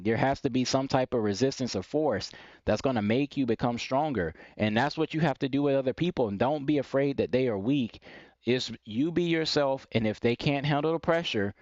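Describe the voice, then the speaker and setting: A man's voice: mid-range voice, no echo, lo-fi sound. A man giving blunt, repetitive advice in a live stream monologue. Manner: blunt, preachy, repeats points, mocks timid phrasing in quoted voices. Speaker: live stream host giving dating and self-improvement advice.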